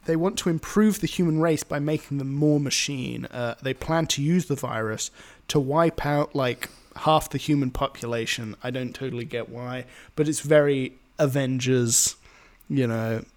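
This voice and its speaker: A man's voice: mid-range voice, normal speed. Chatty British man recapping a movie. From Britain. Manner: rambling, filler-heavy, giggly. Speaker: podcast host. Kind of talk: casual movie recap chat.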